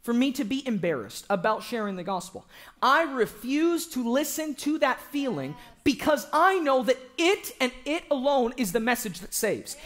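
A young man preaching an evangelistic sermon in a church, joking with the congregation and breaking into shouts for emphasis. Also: extremely high pitch, normal speed. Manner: animated, joking, bursts into shouting.

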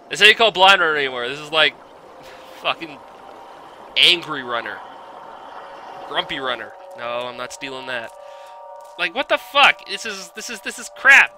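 A man giving blind let's play commentary, exasperated, swearing often and yelling at the game. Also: on the high side, big pitch swings, unhurried, pauses often, a little hiss or hum.

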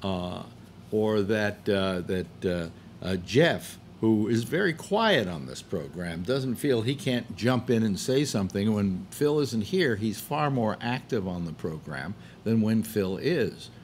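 A man with a fairly low voice talks straight into his desk mic at home, rambling through his thoughts with frequent fillers and false starts. A light background hum sits under his voice. He swears now and then when frustrated. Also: expressive, slow pace. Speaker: host. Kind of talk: casual monologue.

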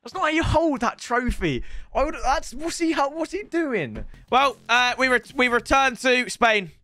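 A young man giving excitable, swear-filled commentary on his football video game, often yelling at the game. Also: very high-pitched, moderate pace. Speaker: gaming YouTuber. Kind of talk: let's-play gaming commentary.

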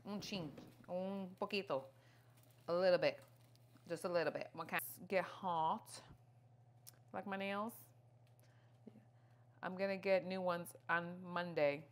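A woman's voice: lowish voice, unhurried, pauses often. A middle-aged woman chatting playfully to her viewers while she cooks in her home kitchen, with joking asides. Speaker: lifestyle vlogger. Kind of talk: casual cook-along vlog chat. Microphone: wireless clip-on mic.

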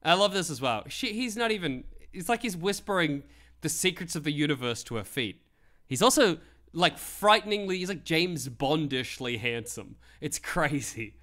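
Aussie guy riffing on a live stream, bouncy voice that swoops all over, bright edge, laughs and swears a lot. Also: a little high, moderate pace. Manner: animated, laughing, mock-outraged, swearing freely. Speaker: livestream host. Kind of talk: comedic live-stream commentary.

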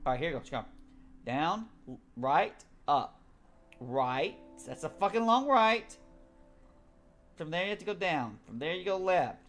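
A man's voice: a little high, very animated, measured pace, long pauses, fairly bright tone, soft background music. Swearing, frustrated man muttering gameplay. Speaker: gamer. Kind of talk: gameplay commentary.

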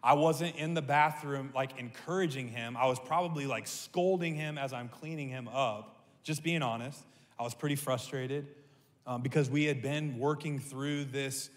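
A man preaching a sermon as a pastor, telling a story in an animated, humorous way. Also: mid-range voice, normal speed. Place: church sanctuary. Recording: echoey church hall.

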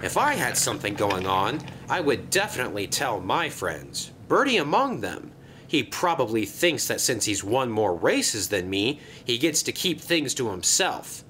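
A man voicing an earnest young male tank engine in a storybook tale, speaking in an excited, pleading way. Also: unhurried, a little hiss or hum. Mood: upset. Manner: excited, pleading, raised-pitch voice.

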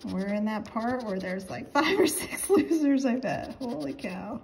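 A woman calling out numbers as she scratches lottery tickets, excitable and quick to laugh. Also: on the high side, vocal fry, a little hiss or hum. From North Carolina. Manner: reads numbers aloud, excitable, laughs often. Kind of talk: casual commentary while scratching tickets.

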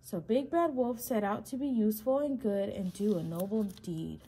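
A woman, a preschool teacher, reading a children's storybook aloud in a slow, expressive way. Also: medium pitch, background noise.

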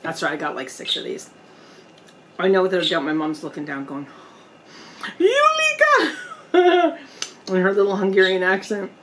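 A woman vlogger chatting casually while eating on camera at home, pausing often to savor her food. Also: on the low side, a little hiss or hum, rough recording. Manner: slow, chatty, pauses to eat and savor. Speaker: mukbang vlogger. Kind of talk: casual eating vlog chat. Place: indoors at home, storm outside.

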